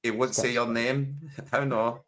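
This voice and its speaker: A man's voice: medium pitch, flat delivery, measured pace, fairly bright tone. A man, co-hosting a casual podcast chat while watching a football match, joking and laughing often. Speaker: podcast co-host.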